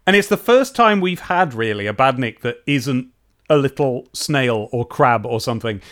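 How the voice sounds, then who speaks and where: A man's voice: medium pitch, expressive, normal speed, a bit bright. A man co-hosting a casual chat podcast, talking enthusiastically and animatedly, often breaking off and restarting. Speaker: podcast co-host.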